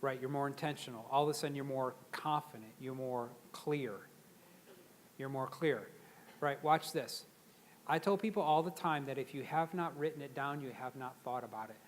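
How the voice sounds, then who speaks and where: A man giving a live motivational seminar to an audience, energetic and conversational, drawing the crowd in to repeat words after him. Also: medium pitch, normal speed, a little hiss or hum. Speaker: seminar speaker.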